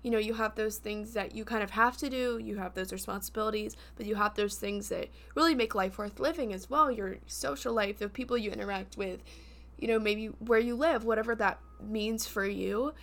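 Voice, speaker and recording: A woman's voice: medium pitch, a little fast, a bit bright. A young adult woman co-hosting a podcast in casual chat, playful and laughing often. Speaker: podcast co-host.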